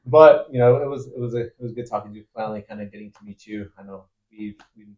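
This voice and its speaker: Laid-back young podcast host, echoey room. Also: male voice, fairly low pitch, fast talker. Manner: relaxed, laid-back, swears casually. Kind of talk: casual podcast chat.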